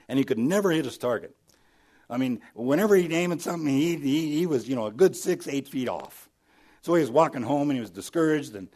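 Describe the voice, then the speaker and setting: Dynamic preacher man, loud then hushed. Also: medium pitch. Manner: storytelling, dynamic, swings from loud emphasis to soft hushed lines. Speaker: pastor. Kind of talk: sermon.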